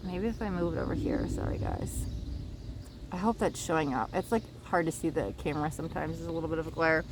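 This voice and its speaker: A woman's voice: on the low side, very animated, brisk, slight background noise. A woman giving a casual, rambling oracle card reading to camera outdoors by the water, often checking in with her viewers.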